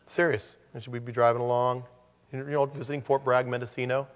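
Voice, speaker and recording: A man's voice: mid-range voice, flat delivery, fast, in a large hall. A man preaching a sermon as pastor, in a conversational manner with joking asides.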